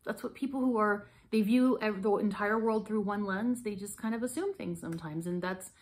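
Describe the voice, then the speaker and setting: A woman's voice: mid-range voice, normal speed. A woman in her forties reviewing hand care products in a casual vlog, rambling, self-deprecating and laughing often. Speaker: beauty vlogger.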